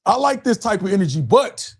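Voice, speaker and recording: A man's voice: high-pitched, big pitch swings, fairly quick, vocal fry, husky. Chatty, laughing man hosting a live stream. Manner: loose, chatty, laughs often, reads chat aloud. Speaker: live show host. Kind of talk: casual live stream commentary.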